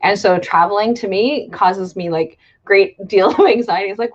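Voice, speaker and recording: A woman's voice: mid-range voice, normal speed, hardly any pauses, lo-fi sound. A woman hosting a casual interview, rambling with lots of fillers and frequent laughter. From Canada. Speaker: host.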